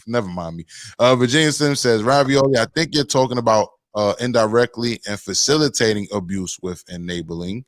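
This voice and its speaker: A man hosts a casual rant podcast in a mid-range voice. He sounds lively and talks in rhetorical questions. His voice is dry and close, with no room sound. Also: medium pitch, a little fast, no echo. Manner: animated, fires off rhetorical questions. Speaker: podcast host.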